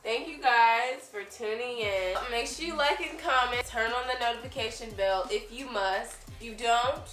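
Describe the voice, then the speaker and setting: A woman's voice: a little high, moderate pace, fairly bright tone, distant mic. A teenage girl chatting playfully on her vlog, telling stories in a teasing, giggly way. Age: teens. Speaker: vlogger. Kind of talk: casual chat. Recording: roomy sound with faint music.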